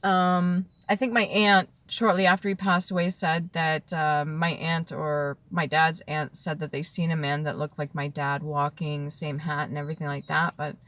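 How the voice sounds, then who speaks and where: A woman in her thirties telling an emotional personal story to the camera, tearful and heartfelt, dropping at times to a soft whisper. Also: sits low, little pitch movement, normal speed, few pauses. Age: 30s. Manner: tearful and heartfelt, drifting between soft whispers and earnest talk. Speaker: vlogger.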